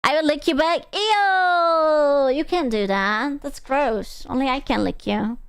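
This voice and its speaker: A woman's voice: high-pitched, lively intonation, moderate pace, no echo, clean studio sound. A young woman streamer chatting casually with her chat, rambling, teasing and swearing freely.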